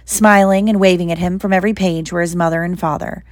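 Woman narrator for a storybook reading, steady, dry close sound. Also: lowish voice, quick pace, no echo. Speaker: reader. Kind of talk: reading a novel aloud.

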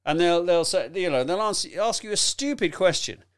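A man coaching on presentation skills in a chatty, animated teaching talk, addressing the listener directly and laughing often. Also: high voice, moderate pace.

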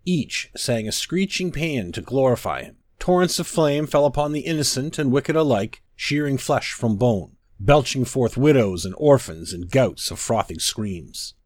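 A man's voice: medium pitch, lively intonation, a little slow, few pauses, darkish tone, no room sound. A man giving a solemn, declamatory scripted reading of an old sermon. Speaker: narrator.

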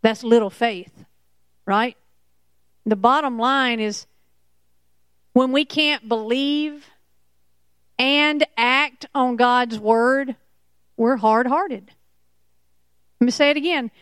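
A woman preaching a Bible sermon, slow and emphatic, repeating key points. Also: on the high side, fairly bright tone, smooth, dry recording. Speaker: Bible teacher.

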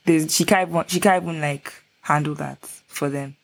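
Low gravelly woman in her 20s, podcast chat, says "like" a lot. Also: fairly even intonation, moderate pace. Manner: chatty, many fillers like "like". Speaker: podcast co-host. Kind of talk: casual chat.

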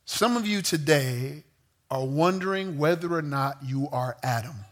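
A man preaching a sermon to a young crowd, telling a story with lively, joking asides. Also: a little high, unhurried. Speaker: youth pastor.

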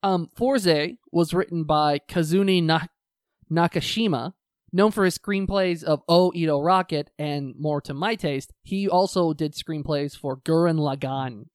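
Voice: medium pitch, unhurried, no echo, clean studio sound. A podcast co-host chatting casually, swearing often and ranting with energy about shows they love and hate. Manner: profane, animated ranting.

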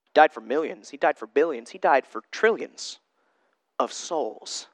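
A man's voice: on the high side, animated, measured pace, no room sound. A man preaching an informal sermon in an emphatic way, repeating rhetorical questions to drive his points home. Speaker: Christian preacher.

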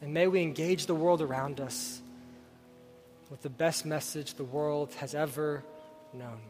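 A man's voice: a little high, steady tone, measured pace, a little mellow. A man preaching a sermon in a church, telling a story earnestly and asking his listeners direct questions before leading a prayer. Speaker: pastor. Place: church sanctuary. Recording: reverberant hall with faint music.

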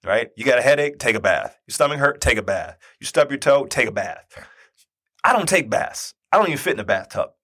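A man in his forties telling a personal story in a conversational, animated way, often checking in with his listeners. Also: mid-range voice, a little fast. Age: 40s. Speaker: speaker and youth basketball coach.

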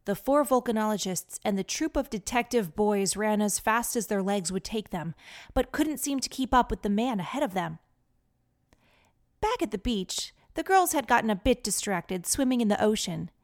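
A woman narrating a children's adventure story in a lively, clear manner. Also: mid-range voice, normal speed.

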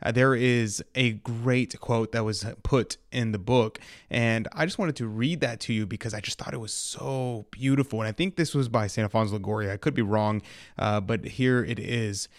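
Man, 50s, reading a quote aloud, measured, reverent, dry recording. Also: mid-range voice, dry recording.

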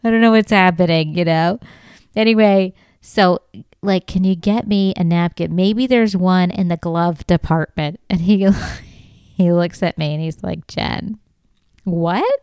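A woman's voice: lowish voice, steady tone, measured pace, darkish tone, clear, resonant tone, no room sound, studio quality. A middle-aged woman hosting a comedy podcast, telling a story in a casual way and laughing often as she talks. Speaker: podcast host.

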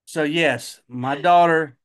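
A man telling a family story in a measured, dry way on a podcast. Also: a little high, smooth. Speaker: podcast co-host, father. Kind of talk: casual storytelling chat.

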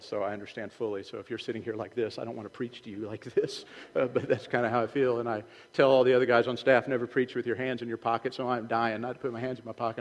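A man's voice: mid-range voice, in a large hall, rough recording. A man preaching a sermon as pastor, in a loose conversational way that acts out the voices he quotes. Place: church sanctuary.

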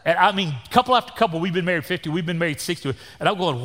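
A man's voice: high voice, racing, hardly any pauses, a bit bright. A Texan man in his sixties preaching a sermon as pastor, with a folksy, joking manner and down-home sayings. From Texas. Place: church sanctuary. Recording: long church reverb.

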